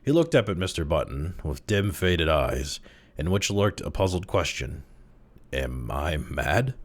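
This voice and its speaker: A man casually reading a classic short story aloud, with expressive, dramatic delivery. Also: deep voice, normal speed. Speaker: narrator, audiobook reader.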